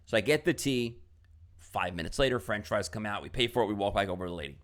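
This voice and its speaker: A man's voice: lowish voice, animated, fast talker. A middle-aged man telling a story with many fillers and quoted exchanges, giving a casual motivational talk to camera as a business coach.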